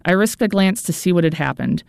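A woman's voice: on the low side, lively intonation, a little fast, gravelly, a little mellow, clear, resonant tone, no room sound. A woman narrating a first-person audiobook in an earnest, anxious inner-monologue manner.

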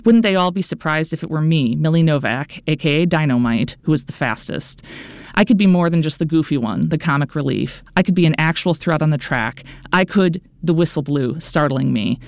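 A woman's voice: sits low, fairly quick, dry recording. A woman narrating a first-person audiobook in an earnest, anxious inner-monologue manner.

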